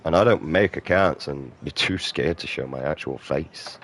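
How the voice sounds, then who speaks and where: A British man in his thirties talks over his video game in a rambling, profane rant. His voice is extremely deep. He sounds combative and jumps from one gripe to the next. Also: moderate pace, a bit bright. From Britain. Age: 30s. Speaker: gaming streamer.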